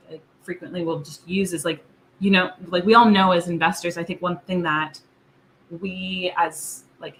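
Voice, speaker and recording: A woman speaking on a panel in a reflective, halting way, with many likes and restarts. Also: lowish voice, slight background noise, rough recording. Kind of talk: casual panel talk.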